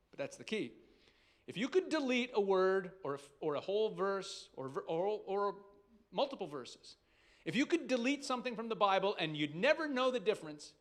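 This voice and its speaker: A man, a rabbi, preaching in a conversational, emphatic way, asking rhetorical questions and restarting sentences. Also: sits high. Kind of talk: sermon.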